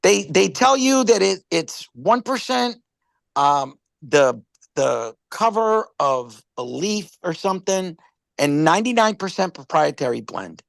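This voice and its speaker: A man's voice: sits high, big pitch swings, unhurried, vocal fry, fairly bright tone, no echo. A man casually presenting a product on a live stream, rambling through stories and stumbling over repeated words.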